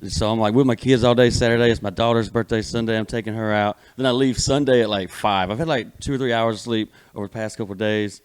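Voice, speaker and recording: A man's voice: lowish voice, fairly even intonation, fast, hardly any pauses, clean tone. A man in his thirties from Alabama, a guest comedian telling a wild story in a loose, profane, rambling way. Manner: rambling profane storytelling, gets louder as the tale builds. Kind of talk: casual storytelling.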